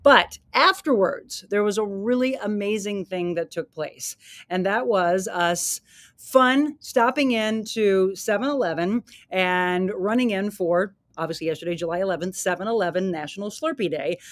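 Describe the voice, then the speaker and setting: A woman's voice: medium pitch, moderate pace, dry recording. A woman hosting her own podcast, telling a story in a chatty, casual way with asides to her listeners. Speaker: podcast host.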